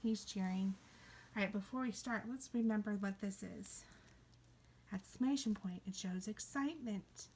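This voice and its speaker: A woman teaching a kindergarten reading lesson, playful, slipping into high excited cries and soft whispers. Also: moderate pace, background noise.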